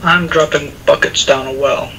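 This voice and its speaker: A man's voice: fairly high pitch, steady tone, normal speed, pushed and bright, slight background noise, low-quality recording. A man joking around and commenting casually while playing a game on a live stream, laughing often. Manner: playful, jokey, laughs a lot.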